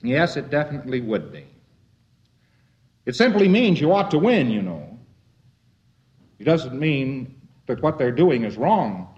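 A man's voice: mid-range voice, big pitch swings, unhurried, pauses often, a little mellow. A man giving a lecture in a folksy, wry, rambling way. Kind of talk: lecture to a live audience. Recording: dull lo-fi old lecture tape.

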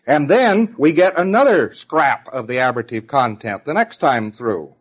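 A man's voice: mid-range voice, expressive, moderate pace, lo-fi sound. A man giving an informal lecture in a conversational, digressive way, now and then acting out example voices.

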